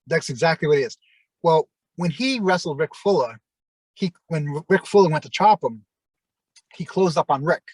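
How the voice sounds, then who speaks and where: A man's voice: fairly high pitch, lively intonation, moderate pace, slightly rough, no echo, poor audio. Man telling rambling wrestling stories. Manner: rambling anecdotes full of fillers and acted quotes. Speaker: interview guest, former wrestler. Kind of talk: casual storytelling.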